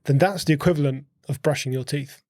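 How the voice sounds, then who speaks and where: A man's voice: fairly high pitch, quick pace, darkish tone, dry recording, studio quality. A man co-hosting a podcast, explaining ideas in a casual chat, often restarting words and asking questions. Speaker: podcast co-host.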